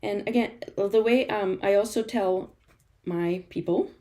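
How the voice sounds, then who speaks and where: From her studio, a woman runs a live-stream art journaling class, chatting encouragingly, laughing often and answering viewer comments as she works. Her mid-range voice is mellow and her pace measured.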